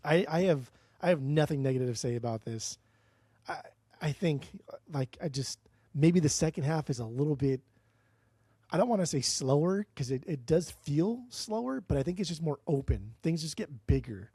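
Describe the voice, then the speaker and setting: A man with a husky voice talks in eager bursts, cussing and calling his co-host dude. The sound is dry and close, like a podcast mic. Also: fairly high pitch, lively intonation, moderate pace, dark tone, dry recording. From United States. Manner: enthusiastic, swears a lot, says dude. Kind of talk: casual chat.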